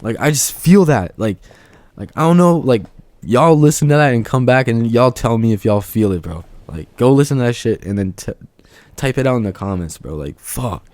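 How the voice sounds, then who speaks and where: An actor playing a laid-back young amateur musician, telling a rambling, slangy, off-script story to the camera. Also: male voice, mid-range voice, lively intonation, moderate pace, a little mellow, no room sound, lightly acted. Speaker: aspiring musician.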